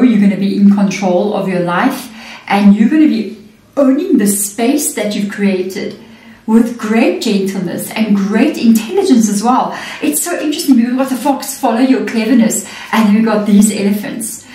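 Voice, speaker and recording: A woman's voice: mid-range voice, darkish tone. A woman giving a chatty tarot reading, often checking in with "okay" and "you know what I mean.". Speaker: tarot reader. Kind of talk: casual spiritual reading. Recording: echoey room, mic at a distance.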